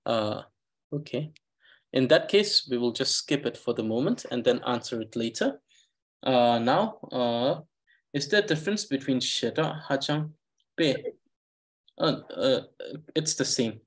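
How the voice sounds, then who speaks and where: An expressive Tibetan language teacher with an Eastern Tibetan accent explains words to his students over a video call in an online class. His middle-pitched voice comes in halting bursts, with "uh" filling the pauses as he thinks aloud.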